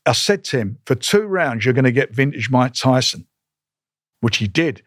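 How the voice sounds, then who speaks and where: Older man, blunt and lively storyteller, mid-pitched voice, dry close sound. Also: moderate pace, dry recording. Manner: blunt, animated, re-enacts conversations in quotes. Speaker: boxing promoter, guest. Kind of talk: casual interview storytelling.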